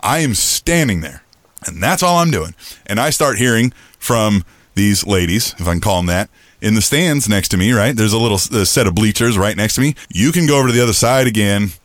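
A middle-aged man with a booming voice tells a story on a podcast, his pitch swinging widely as he acts out what each person said. The recording is dry and close, with no room sound behind him. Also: fairly quick, no echo. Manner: animated, acts out quoted lines in a raised pitch. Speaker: podcast co-host. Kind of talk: casual storytelling chat.

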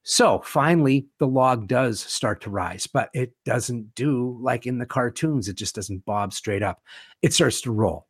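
Man, guest, vivid storyteller, gravelly, dry close sound. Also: mid-range voice, unhurried, no room sound. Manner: retells film scenes vividly, quoting characters. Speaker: guest, horror author. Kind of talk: animated storytelling in a conversation.

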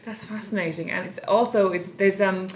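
A woman's voice: mid-range voice, fairly even intonation, normal speed, crowd noise. A woman co-hosting a podcast, chatting casually with wry asides and fillers. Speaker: podcast co-host. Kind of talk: casual book chat. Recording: echoey room with faint ambience.

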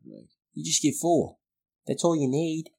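A man putting on an over-the-top Australian beer commercial announcer, drawling through the pitch. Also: moderate pace. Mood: hammy salesy.

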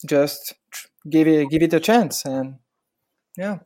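A man's voice: a little high, slow pace, warm tone. A man in his thirties with a French accent and French as his first language, talking casually as a podcast guest, hesitant and searching for words. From France. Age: 30s. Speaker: guest photographer.

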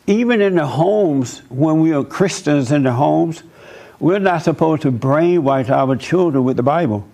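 A man with a gravelly, slightly high voice carries a talk show with animated, emphatic storytelling. His delivery slides from casual chat into fervent preaching. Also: unhurried.

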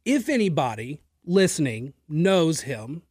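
A man's voice: fairly high pitch, big pitch swings, a little slow, darkish tone, dry recording, clean studio sound. A male radio talk show host giving an emphatic, opinionated political monologue straight to his listeners, with the odd filler and repeated word. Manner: occasional filler and repeated words. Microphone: studio microphone.

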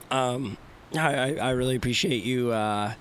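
A man hosting a podcast, hoarse from losing his voice, talking in a relaxed, friendly way. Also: medium pitch, a little slow, a little hiss or hum. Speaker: podcast host. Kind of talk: casual podcast conversation.

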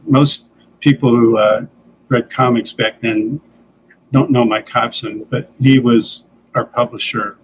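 A man's voice: medium pitch, rough recording. Older male interview guest, easygoing storyteller, mid-range voice, faint hiss behind. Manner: relaxed anecdotal, acts out quoted dialogue. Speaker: guest, comics creator and editor.

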